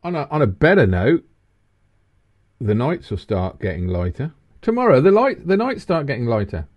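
A man's voice: moderate pace, dull audio. Man in his fifties hosting a casual chat, voice that swings up and down a lot, rambles on, laughs easy. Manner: animated, rambling, breaks into high laughs. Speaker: co-host. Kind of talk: casual banter.

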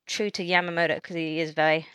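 A woman co-hosting a podcast in casual chat, talking in an animated way and often restarting her sentences. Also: deep voice, fast talker, clean tone, dry recording. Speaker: podcast co-host.

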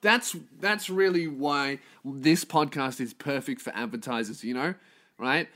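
A man's voice: medium pitch, unhurried, fairly bright tone. An Australian man, a stand-up comedian hosting his own podcast, telling stories in a profane, rambling way and laughing at his own jokes. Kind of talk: casual comedic storytelling monologue.

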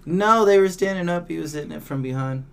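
A person in casual podcast chat, chiming in with halting, laughing remarks. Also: mid-range voice.

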